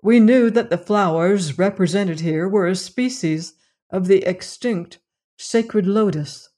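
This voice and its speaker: A narrator reading a classic mystery novel aloud in measured, dramatic storytelling. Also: medium pitch, mellow. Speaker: audiobook narrator. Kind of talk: scripted narration.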